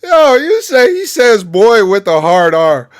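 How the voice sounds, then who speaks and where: Brief: reaction streamer, man, lively swooping pitch, unhurried, laughing and exclaiming. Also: clear, resonant tone. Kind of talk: live reaction commentary.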